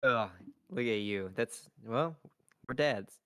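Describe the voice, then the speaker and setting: A man's voice: medium pitch, slow pace, dry recording, studio quality. A man co-hosting a podcast, telling jokey stories in casual chat over a video call. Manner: animated storyteller, jokey. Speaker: podcast co-host.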